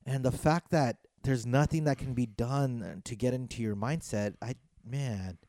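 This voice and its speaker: A man's voice: medium pitch, measured pace, warm tone, no echo, clean studio sound. A man co-hosting a podcast in a laid-back, teasing way, often trailing off. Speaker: podcast co-host. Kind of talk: casual podcast chat.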